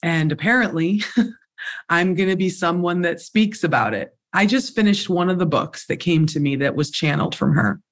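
Effusive, excitable podcast host. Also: medium pitch, normal speed. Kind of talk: podcast interview.

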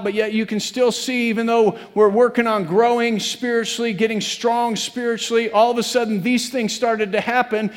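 A man preaching a sermon as pastor, earnest and repetitive, building to emphatic peaks. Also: very high-pitched. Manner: earnest, repeats phrases, rises to emphatic peaks. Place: church sanctuary. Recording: long reverb of a church hall.

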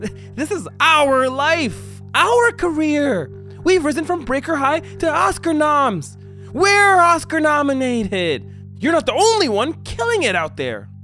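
A man voicing an obsessive male fan turned killer, stammering and fake-nervous at first, then shouting frantically. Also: on the high side, animated, fairly quick, faint music behind, pitched above the performer's own voice. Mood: frantic.

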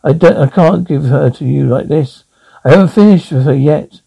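Cranky then chillingly calm retired husband, high gravelly voice, dull TV sound. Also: male voice, normal speed. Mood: menacing. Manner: irritable, then calm and creepy. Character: bitter retired husband, coldly menacing later. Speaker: retired husband turned taxidermist.

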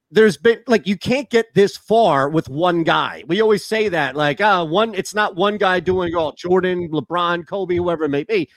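A man co-hosting a sports radio show, telling long, animated stories in casual talk. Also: high-pitched, dry recording. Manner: rambling, animated storyteller.

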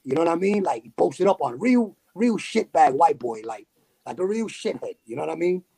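A man with a New York accent telling a story in a casual, animated way, full of slang and fillers. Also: fairly high pitch, fairly quick, creaky, husky. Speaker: podcast guest.

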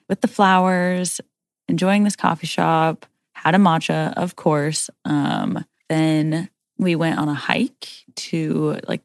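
A woman's voice: fairly low pitch, gravelly, dry recording, studio quality. A young woman co-hosting a podcast, chatting casually and rambling through a story, saying "like" all the time. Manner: chatty, rambling, heavy use of "like". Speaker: podcast co-host. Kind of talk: casual chat.

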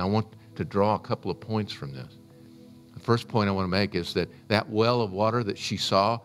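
A man preaching with a lowish voice, retelling a scripture story with earnest feeling. Faint music plays quietly underneath his sermon.

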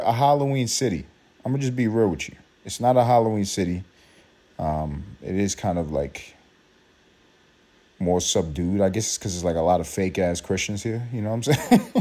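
A man in his thirties hosting a casual solo podcast, rambling and profane, with sudden high mocking outbursts. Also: warm tone. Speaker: podcast host.

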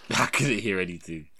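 A man's voice: fairly low pitch, noisy background. A man co-hosting a podcast, throwing in teasing heckles and laughing at his friend's story. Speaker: podcast co-host. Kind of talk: casual banter.

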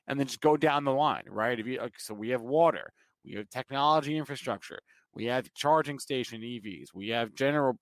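A man with a New Jersey accent co-hosting a market show, rushing through his points and stumbling over repeated words. The sound is dry and close, with no room around it. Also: mid-range voice, no room sound. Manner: quick, stumbling restarts. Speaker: co-host. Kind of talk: fast casual market talk.

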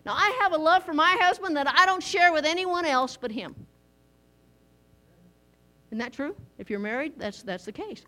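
A middle-aged woman preaching a conversational sermon in a church, lively and folksy, asking the congregation questions. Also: high-pitched, normal speed, long pauses.

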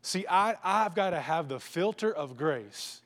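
Guy preaching a sermon, kinda high voice, repeats stuff, goes quiet then loud, big echoey church hall. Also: expressive, unhurried. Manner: emphatic, repetitive preaching with sudden drops to a hush. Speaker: pastor.

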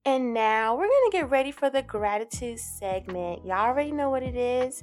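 A woman's voice: fairly high pitch, lively intonation, normal speed, hardly any pauses, music in the background. A woman, hosting a casual solo podcast in an upbeat, encouraging, giggly way. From Alabama, US. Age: 20s. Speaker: podcast host.

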